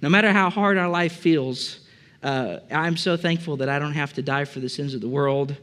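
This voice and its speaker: A man preaches in a loose, chatty way, tossing questions and jokes to his congregation. His voice sits a bit high for a man. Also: normal speed, a bit bright. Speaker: pastor. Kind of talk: conversational sermon. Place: church service before a congregation.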